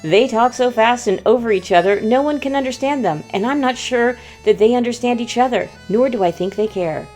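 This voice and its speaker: A woman's voice: a little high, fairly quick, few pauses, a little mellow, faint music behind. Playful American woman vlogging. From United States. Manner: playful, mock-dramatic storytelling. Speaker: vlog host. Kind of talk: humorous travel vlog narration.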